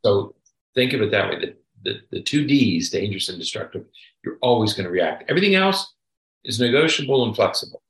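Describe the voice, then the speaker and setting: A man's voice: fairly low pitch, very animated, a little fast, fairly bright tone, echoey room, poor audio. A man co-hosting a parenting podcast, speaking emphatically and checking in with "okay?" as he makes his points. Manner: emphatic, repeats "okay?" to drive points home. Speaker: podcast co-host, psychologist. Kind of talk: casual advice chat.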